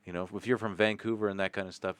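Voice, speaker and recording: Canadian guy, lowish smooth voice, dry close sound, jokey rambling podcast chat. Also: steady tone, very fast, a bit bright, no echo. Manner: rambling, jokey, swears casually. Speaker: podcast host. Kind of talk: casual chat.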